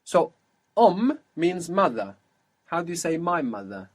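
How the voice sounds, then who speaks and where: A man's voice: fairly high pitch, sing-song, a little slow. A man teaching a language lesson, patiently modelling and repeating each phrase for his student.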